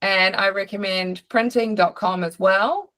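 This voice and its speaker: A woman's voice: mid-range voice, fairly even intonation, a little slow, a bit bright, dry recording. A woman with a New Zealand accent coaching artists in a live online session, chatty with many fillers and restarts. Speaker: art business coach. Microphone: video call.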